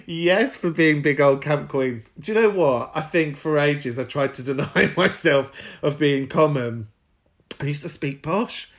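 A man's voice: a little high, unhurried. A man hosting a podcast, chatty and camp with frequent giggles. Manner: camp, giggly, warm-hearted asides. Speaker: podcast host.

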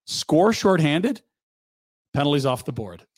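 A man hosting a sports talk show, chatting casually with quick asides. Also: fairly high pitch, sing-song, darkish tone, dry recording. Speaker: sports radio host.

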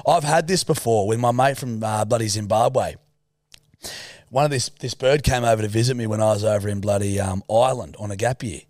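A man's voice: fairly low pitch, brisk, darkish tone, no room sound. A man co-hosting a podcast in casual chat, blunt and teasing, swearing freely, recorded close on a dry mic. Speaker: podcast co-host.

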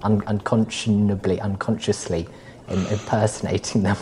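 A woman's voice: a bass voice, little pitch movement, moderate pace, dark tone, slight background noise. A sleep-deprived woman co-hosting a podcast in casual chat, with a dry, self-mocking sense of humour. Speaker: podcast co-host.

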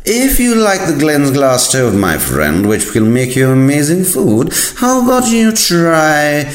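A man's voice: on the high side, huge pitch swings, a little slow, voice pushed up. Man doing a wheedling shopping website. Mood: coaxing. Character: sly, coaxing online shopping site. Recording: echoey room.

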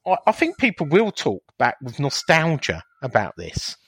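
A man banters on a relaxed talk show, his voice sitting a little above the usual male range. He teases his co-host and keeps nudging the conversation forward. The sound is close and dry. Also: fairly high pitch, husky, no echo. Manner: teasing, quick to steer the chat along. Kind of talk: casual banter.

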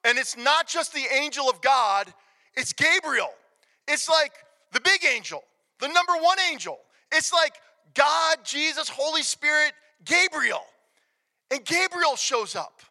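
High, bright-voiced preacher in a reverberant hall. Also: male voice, animated, a little slow. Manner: emphatic, swinging from loud declarations to hushed near-whispers. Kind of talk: sermon. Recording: long reverb of a large hall.

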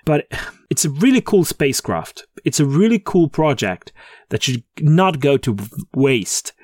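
A man's voice: a little high, very animated, unhurried, a little mellow, no room sound, clean studio sound. A man co-hosting a podcast in casual chat. He jokes, laughs at his own puns and often restarts his sentences. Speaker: podcast co-host.

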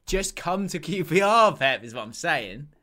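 A man co-hosting a casual football podcast, his voice sitting a little high for a man. He tells stories with animated, laughing banter. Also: moderate pace. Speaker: podcast co-host. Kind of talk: casual chat.

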